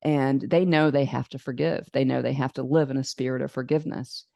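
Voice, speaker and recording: A woman's voice: a bass voice, fairly even intonation, brisk, gravelly, warm tone, dry recording, studio quality. A woman hosting a faith-based interview podcast, speaking earnestly and encouragingly. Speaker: podcast host.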